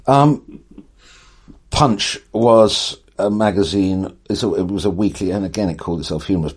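Older guy with a really deep husky voice, wry and eloquent, telling stories in an interview. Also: moderate pace. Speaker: writer, interview guest. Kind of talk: animated conversational storytelling.

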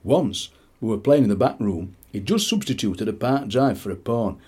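Husky Yorkshire poet in his sixties. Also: lowish voice, animated, normal speed, darkish tone. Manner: anecdotal, rambling, chuckling asides. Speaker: poet and radio presenter. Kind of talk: poetry reading and chat.

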